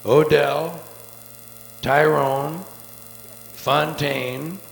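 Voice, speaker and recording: A man doing a live stand-up routine, profane and sardonic, with rapid-fire wordplay, on a theater stage before an audience. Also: on the high side, steady tone, gravelly. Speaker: stand-up comedian. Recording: echoey live soundboard tape with faint hiss.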